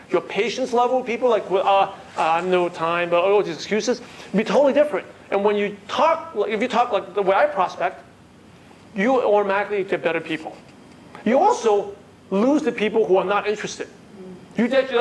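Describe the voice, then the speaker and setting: Man w an accent, high voice, coaching a seminar crowd, bit of background hiss. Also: rough recording. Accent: non-native English accent. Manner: animated, coaching, asks the room questions. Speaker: network marketing trainer. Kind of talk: seminar talk to a live audience.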